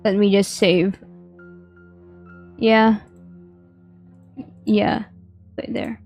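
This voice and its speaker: A woman streaming a game, chatting casually and reading its text aloud in a giggly, excitable way. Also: medium pitch, drawn-out words, faint music behind. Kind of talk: casual let's-play commentary.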